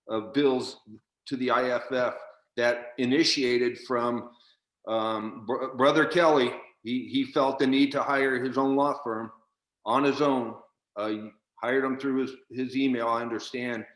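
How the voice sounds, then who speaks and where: A man's voice: medium pitch, steady tone, a little slow, fairly bright tone. A man in a union virtual town hall, furiously questioning leadership over a video call, swearing and repeating himself. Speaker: union member asking a question.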